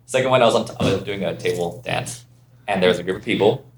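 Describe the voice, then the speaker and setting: Deep-voiced and fast-talking, a Canadian man from Ontario spins casual stories as a podcast guest, animatedly acting out quoted voices. There's a little hiss or hum in the recording.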